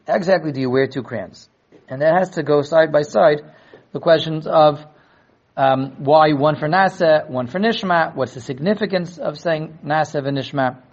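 A man teaching a Talmud class in a lecture style, acting out quoted dialogue and repeating words in quick restarts. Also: fairly high pitch, lo-fi sound. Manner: animated, acts out quoted dialogue. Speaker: Torah teacher.

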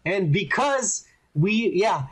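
A fairly high-voiced man talks in loose, rambling podcast chat, swearing constantly and getting worked up as he goes. His delivery is excitable and profane throughout. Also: slow pace, slightly rough. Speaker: podcast co-host. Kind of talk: casual chat.

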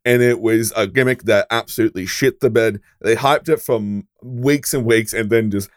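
A man's voice: on the low side, moderate pace, no room sound, studio quality. A man in casual podcast chat, laid-back and agreeable.

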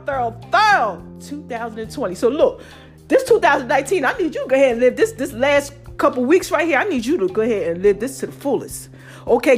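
A woman hosting a podcast, giving casual motivational talk in a playful way, repeating phrases and calling her listeners "baby.". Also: high voice. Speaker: podcast host.

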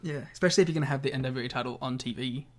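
A man's voice: mid-range voice, rapid-fire. A young man co-hosting a casual podcast, playful and enthusiastic as he chats. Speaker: podcast co-host. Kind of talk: casual chat.

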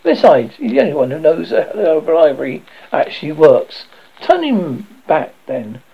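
A man's voice: fairly high pitch, very animated, normal speed, gravelly, husky, dull audio, full character voice. A man voicing a nervous, fussy male bursar who answers in hesitant, placating tones.

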